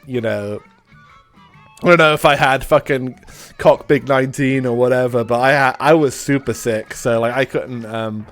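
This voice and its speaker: A man with a mid-range voice, hoarse and stuffed up from being ill, rambles through a live stream. He talks loosely, with restarts and swearing, while faint music plays behind him. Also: mid-range voice, unhurried. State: stuffy nose after a cold. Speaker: live streamer hosting a retro game stream. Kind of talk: casual live-stream chat.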